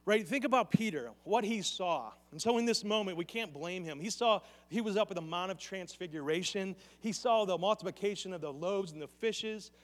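A high-pitched male pastor delivers an earnest sermon and keeps turning to the congregation with direct questions. His voice rings out through the long echo of a church hall. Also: expressive, fairly quick, hardly any pauses. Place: church sanctuary.

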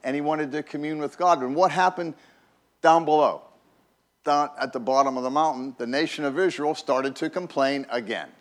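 A man's voice: fairly high pitch, moderate pace. A man preaching a conversational sermon as a pastor, folksy and chatty, often repeating words and checking in with "right?".

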